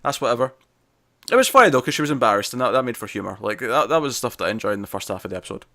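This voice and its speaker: A man's voice: medium pitch, sing-song, rapid-fire, sharp tone, no room sound, clean studio sound. A young man, co-hosting a casual TV review chat, joking and blunt. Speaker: podcast co-host.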